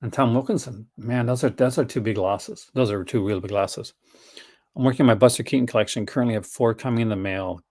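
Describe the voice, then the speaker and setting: A talkative man from Newfoundland hosts a relaxed livestream, his accent a blend of general Canadian and Newfoundland sounds. His pitch sits in an ordinary middle range, and he laughs often while he retells stories and acts out the people in them. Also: brisk. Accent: mixed Canadian and Newfoundland. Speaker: host. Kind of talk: casual livestream chat.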